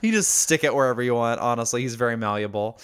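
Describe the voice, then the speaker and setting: Male podcast co-host; average pitch; dry, teasing delivery. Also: fast, a bit bright, clear, resonant tone. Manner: wry, teasing, crude humor. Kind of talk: casual chat.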